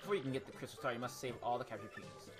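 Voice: mid-range voice, very fast, close to an everyday voice. A woman voicing a cranky old elder creature who scolds and lectures in a bossy way, with game music playing behind. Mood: instructing.

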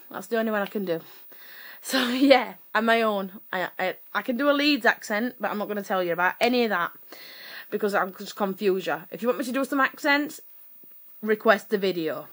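A woman's voice: medium pitch, lively intonation, brisk, a bit bright. A woman, from Sheffield, telling a personal story to camera in a rambling, chatty way full of fillers and self-corrections. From Sheffield, England. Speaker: vlogger.

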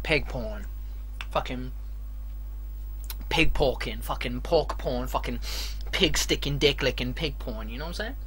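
A man's voice: medium pitch, measured pace, pauses often, fairly bright tone, slight background noise. A man giving foul-mouthed, rambling commentary while playing a horror game, breaking into screams when startled. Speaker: let's play commentator. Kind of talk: gameplay commentary.

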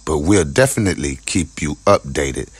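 A man hosting a crime news channel, narrating the news in a measured, deliberate way. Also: slightly rough, no room sound. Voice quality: very deep voice.

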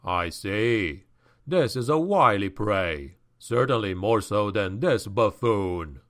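A man voicing a menacing demonic high priest. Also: lively intonation. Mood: scornful. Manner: slow, measured and commanding. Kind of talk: audiobook character voice.

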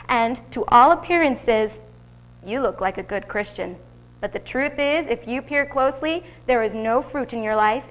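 A woman reading a Bible devotional, earnest and teaching, slowing down to read scripture aloud. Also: on the high side, a bit bright. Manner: earnest, slows for scripture quotes.

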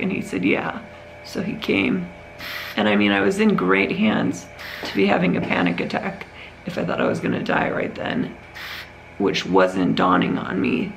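A worn-out woman speaks straight to the camera in a casual home vlog, her voice full of heavy gravelly fry. Her pitch swings widely as she rambles through her story, and a faint hiss sits under the recording. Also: very animated, normal speed, rough recording. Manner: candid, rambling storytelling with many restarts. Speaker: vlogger.

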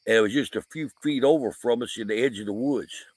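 Crickets and insects fill the night air as a paranormal investigator who vlogs tells a folksy, filler-heavy story outside his camper van. He speaks a little fast in a mid-range, darkish voice with a breathy edge, and there's no room sound.

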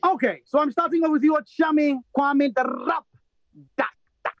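High-voiced Ghanaian man hosting a quiz. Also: moderate pace, no room sound. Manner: playful, teasing, mixes in Twi. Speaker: quiz host. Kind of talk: game show hosting. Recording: dull, dry lo-fi sound.

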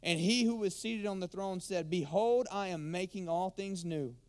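Emphatic pastor preaching. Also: male voice, high-pitched, moderate pace, smooth. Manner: animated, emphatic, drops to hushed tones. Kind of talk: sermon.

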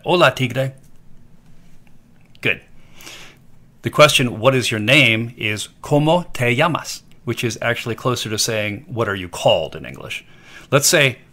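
Playful, lively-voiced male language teacher. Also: medium pitch. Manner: playful, repeats phrases for learners to echo. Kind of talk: scripted narration for a kids' lesson.

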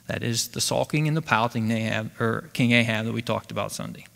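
A man teaching a casual Bible study, retelling scripture in a conversational, animated way. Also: lowish voice, fairly quick, vocal fry, big-room sound. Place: church assembly hall.

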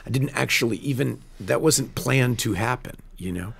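A man, a film director, telling stories in a casual studio interview, earnest and animated, often restarting his sentences. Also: medium pitch, normal speed, creaky, husky. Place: radio studio.

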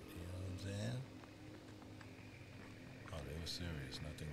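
A man's voice: deep voice, animated, a little slow, vocal fry, pauses often, heavy background noise. A male streamer giving profane live gameplay commentary, often dropping to a whisper.

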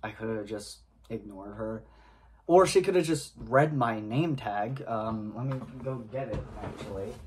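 A vlogger with a lowish voice speaks to camera, casually recounting something that happened to him in an unhurried, drawn-out way. His delivery halts and restarts, with pauses and throat clearing between phrases, and there's a little hiss or hum on the recording.

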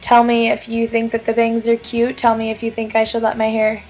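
A young woman chats casually to her camera, giggling and filling her sentences with "like" and "um." Her voice sits a touch high. Faint music plays softly in the background. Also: completely flat delivery, fairly quick. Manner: chatty and giggly, lots of filler words. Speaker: vlogger.

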